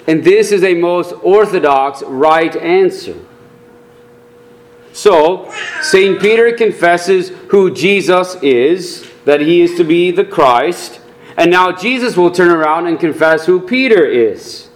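A man preaching a sermon as a pastor, earnest and deliberate, rising in emphasis on key points. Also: high-pitched, lively intonation, slight background noise.

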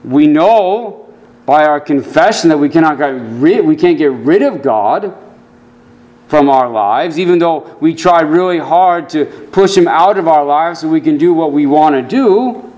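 A man preaching a sermon, earnest, dropping his voice low and soft when he quotes scripture. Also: animated, measured pace. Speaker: pastor.

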